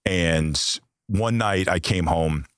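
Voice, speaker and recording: A man's voice: low voice, slow pace, clear, resonant tone, no echo, studio quality. An American man, a podcast guest, candidly telling a personal story with blunt, frequently profane language. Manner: blunt, heavy swearing.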